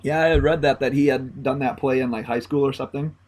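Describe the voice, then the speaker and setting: A man in casual podcast talk about football, his pitch sitting in the middle range. He speaks in a relaxed way, often hedging and drawing out his phrases. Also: fairly quick. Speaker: podcast co-host. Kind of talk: casual sports chat.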